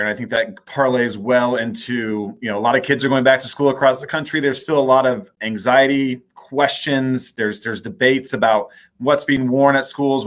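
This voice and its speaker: A man's voice: mid-range voice, fairly bright tone. A man hosting a live talk show who asks questions in a conversational way and often repeats words when starting a thought. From United States. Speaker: host, mayor.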